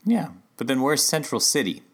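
A man's voice: medium pitch, normal speed. A man co-hosting a podcast in casual chat, riffing and spinning imagined scenes as he goes. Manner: animated storyteller, riffs on imagined scenes. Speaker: podcast co-host.

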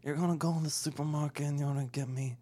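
A man's voice: a little high, steady tone, fast, warm tone, slight background noise, lightly acted. A man voicing a rambling, absurd old male mob boss with a mumbling gangster drawl, as a comedic impression on a podcast. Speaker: podcast co-host.

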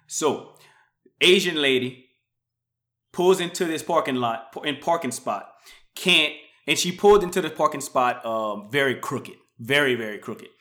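A man hosting a podcast, telling a story casually, swinging from muttered asides to loud, animated bursts. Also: mid-range voice, unhurried. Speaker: podcast host.

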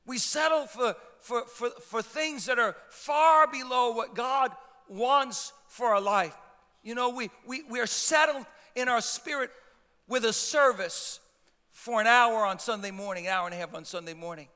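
A man's voice: very high voice, measured pace, pushed and bright. A man pastor preaching a sermon with impassioned emphasis and frequent stammered restarts. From Italian heritage. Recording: long hall reverb.

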